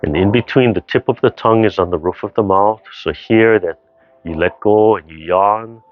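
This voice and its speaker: A man with a fairly low voice guides a tai chi class over a video call, calm and unhurried. He often repeats phrases and checks in with "right?" as he talks. The sound is dull and lo-fi. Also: no echo. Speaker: tai chi and qigong instructor.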